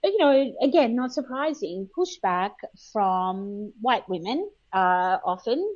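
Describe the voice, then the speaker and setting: A woman's voice: medium pitch, lively intonation, slow pace, no room sound, dull audio. A woman from Australia, a guest historian, answering interview questions in a chatty way with frequent fillers and laughs.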